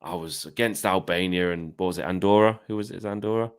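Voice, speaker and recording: A man in a casual fan chat who tells stories in an animated way and acts out his own shouting. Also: low-pitched, quick pace, clean tone. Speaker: co-host of a fan channel.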